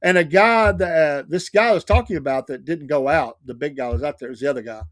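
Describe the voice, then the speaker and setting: A man's voice: fairly high pitch, quick pace, fairly bright tone, no room sound, studio quality. A middle-aged man hosting a radio show, telling neighborhood stories in a casual way and laughing often. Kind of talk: casual storytelling chat.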